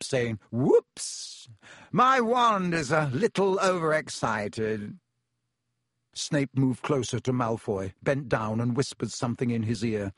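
A man's voice: medium pitch, breathy edge, no room sound. Man narrating an audiobook, dry close sound. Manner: measured storytelling with voiced characters.

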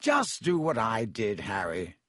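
A man's voice: lowish voice, huge pitch swings, a little slow, a bit bright, no echo, clean studio sound, heavily acted. A man voicing a vain, flustered, showy male wizard teacher in an audiobook, talking in a chirpy, overeager way. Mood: eager.

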